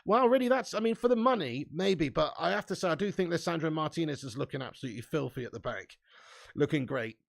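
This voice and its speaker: Reading out live chat on his fan channel's stream, this young host has a gravelly, slightly high voice. He talks quickly with lively intonation, keeping things loose and laddish with laughter and the occasional swear.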